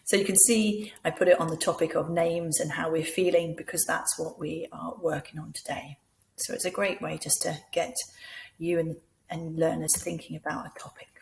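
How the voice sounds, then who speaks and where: A woman leading a teacher training session, explaining things patiently and clearly, often acting out words in different voices. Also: sits low, steady tone, moderate pace, a little hiss or hum. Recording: echoey room.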